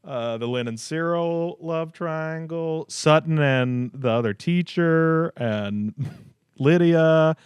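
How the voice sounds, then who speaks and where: A man's voice: on the high side, takes it slowly, clear, resonant tone, no echo. A man co-hosting a podcast, recapping a TV episode in casual chat, joking and laughing as he acts out lines. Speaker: podcast co-host.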